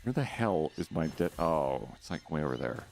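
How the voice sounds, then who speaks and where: A man's voice: a bass voice, sing-song, moderate pace, creaky, darkish tone. A man streaming a video game, chatting with his viewers in a playful, jokey way. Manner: playful, jokey, shrieks and laughs. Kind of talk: casual live-stream chat.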